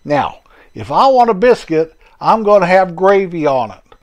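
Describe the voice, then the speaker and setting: A man's voice: sits high, sing-song, normal speed. A man voicing a chatty, jokey old country man who rambles in a homespun way. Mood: folksy. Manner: rambling, homespun, self-correcting.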